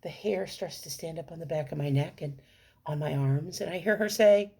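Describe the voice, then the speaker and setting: A middle-aged woman telling a story on her vlog in an animated, playful, enthusiastic way. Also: sits low, normal speed, vocal fry, husky. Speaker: vlogger.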